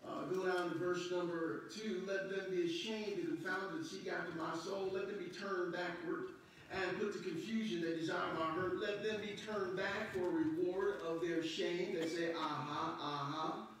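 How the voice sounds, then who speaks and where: A male pastor with a fairly high voice delivers a fervent sermon, quoting old scripture and swelling into loud, impassioned passages. He is picked up from across a church sanctuary, so his words ring with heavy echo. A faint hiss sits under the room sound. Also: steady tone, moderate pace. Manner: preaching in King James scripture readings, rising and shouting passionately in bursts. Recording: echoey church hall from far off.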